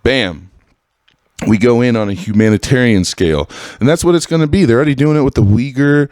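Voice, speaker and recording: A man hosting a podcast in a casual, heated monologue, swearing freely and swinging between loud outbursts and low mutters. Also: fast talker, no echo, clean studio sound. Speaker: podcast host.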